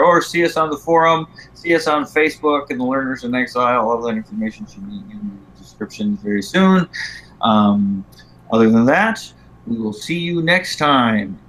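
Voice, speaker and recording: A man hosting a casual live-stream show, talking in a halting way with many ums and uhs. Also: mid-range voice, bright, forceful tone, low-quality recording. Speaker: host of a lightsaber school's live show.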